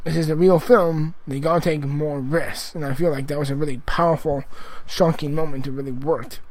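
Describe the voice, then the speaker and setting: A man talks through a movie review in a loose, rambling way. His voice sits a little high for a man. He stops and restarts often and swears for emphasis. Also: steady tone, moderate pace, a little mellow, slight background noise, low-quality recording. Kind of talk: casual spoken movie review.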